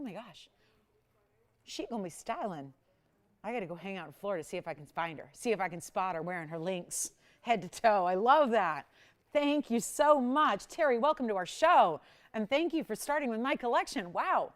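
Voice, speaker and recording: A woman hosting a live jewelry shopping show, giving a chatty, enthusiastic sales pitch and greeting callers by name. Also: fairly bright tone. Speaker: shopping channel host.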